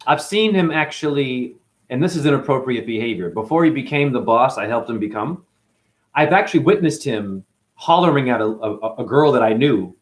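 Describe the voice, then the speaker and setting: An emotional man tells a personal story about being mistreated at his cleaning job. His pitch swings widely, leaping up when he quotes people and dropping low when he sighs over the hurt. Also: animated, normal speed. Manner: emotional, recounting grievances with acted quotes. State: chronic hip pain. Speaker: janitor.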